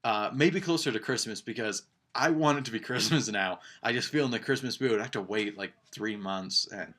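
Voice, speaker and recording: A man's voice: on the low side, brisk, a bit bright. A young man casually reviewing a movie on his channel, rambling and enthusiastic with lots of fillers and restarts. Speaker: film reviewer.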